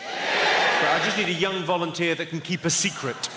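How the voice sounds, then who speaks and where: A man doing stand-up on a theatre stage, his deadpan, brisk delivery sitting a little high. The stage mic carries a long reverb from a large hall, with loud audience noise behind him. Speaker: stand-up comedian. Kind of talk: stand-up comedy with crowd work.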